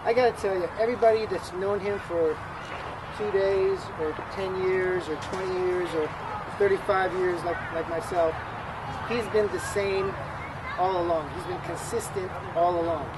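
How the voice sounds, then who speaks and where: A middle-aged man speaks at a memorial for a lifelong friend, stumbling through restarts and fillers. His voice sits fairly high for a man. He is recorded outdoors with loud urban noise all around. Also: steady tone. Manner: halting, many restarts and fillers. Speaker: friend giving a eulogy. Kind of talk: memorial tribute speech.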